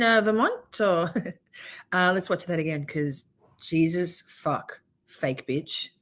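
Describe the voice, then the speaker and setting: A woman's voice: on the low side, unhurried, a bit bright. A woman hosting a casual livestream, reacting to trial clips with sarcastic, profane commentary and chatting with her viewers.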